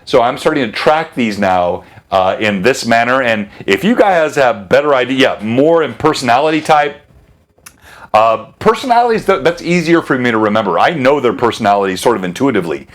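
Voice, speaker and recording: This game master runs his live stream with a medium-pitched, expressive voice that moves a little fast. The chat is loose and casual, full of self-interruptions and frequent laughter.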